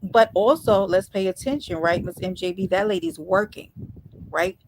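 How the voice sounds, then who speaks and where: A middle-aged woman hosting a casual live stream chat, calm and soft-spoken, greeting viewers one by one. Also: medium pitch, moderate pace, a little hiss or hum.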